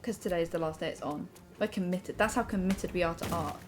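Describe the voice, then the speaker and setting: A woman's voice: on the low side, fast talker, soft background music. A young woman co-hosting a game stream, chatting in a bubbly, gushing way. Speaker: streamer co-host. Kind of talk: casual chat while playing a video game.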